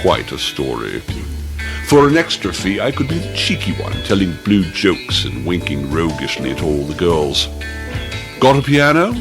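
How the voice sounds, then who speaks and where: A man's voice: wildly swooping pitch, normal speed, full character voice. A man playing a boastful, roguish gent who hires himself out as a party entertainer, in a comedy ad bit. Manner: boastful, roguish sales pitch. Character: cheeky posh English gent party entertainer. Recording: music playing behind. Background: music.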